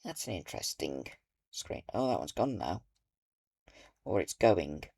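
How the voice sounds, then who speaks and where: A British man talks unhurriedly through a relaxed gameplay session, musing to himself as he watches. His voice sits low with a gravelly edge, and his pitch wanders up and down with lively movement. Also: no echo. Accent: British English. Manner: musing aloud, slow and thoughtful. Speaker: gaming video creator. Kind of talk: casual gameplay commentary.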